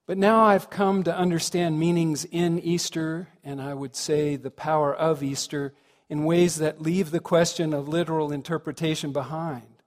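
A fairly high-voiced man preaches a thoughtful, conversational sermon. He turns questions back to the congregation as he goes. His voice carries a long reverb from the hall. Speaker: minister.

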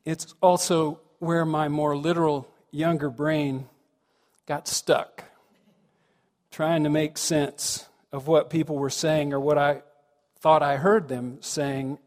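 Man, minister, sermon, reflective, conversational, asks the congregation questions, slightly high voice, long hall echo.

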